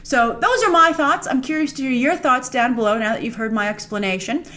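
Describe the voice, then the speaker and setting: A woman's voice: high voice, a little fast. A woman hosting a movie news channel, giving opinionated, emphatic commentary to camera. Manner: animated, emphatic, critical. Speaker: host.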